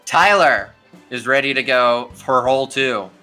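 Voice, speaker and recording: Young man, live game commentary, bright forceful voice, chatty, faint music behind. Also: mid-range voice, measured pace. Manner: casual, chatty, talks to players directly. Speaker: tournament commentator.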